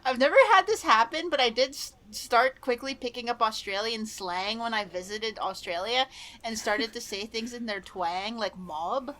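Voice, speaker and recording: A woman's voice: on the high side, moderate pace, sharp tone. A woman from Canada in casual podcast chat, talking loosely with lots of "like" and frequent laughs. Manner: chatty, laughing often, lots of "like". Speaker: podcast co-host.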